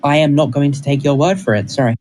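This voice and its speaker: A man's voice: a little high, quick pace, a little mellow, slight background noise, poor audio. A man in a heated online debate, defiant and dismissive toward the others. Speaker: debate participant on voice chat.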